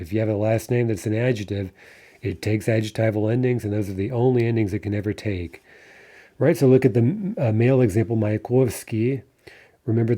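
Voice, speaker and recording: A man's voice: fairly low pitch, dark tone. A man giving a grammar lesson, explaining step by step, checking in with "right?" and drawing out the example words. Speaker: Russian language teacher. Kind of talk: lecture-style grammar lesson.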